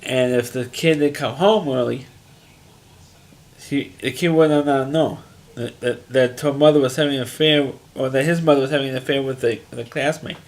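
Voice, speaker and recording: This reviewer's casual TV episode recap wanders, with frequent restarts and fillers in plain language. His mid-range voice keeps fairly even intonation at a moderate pace.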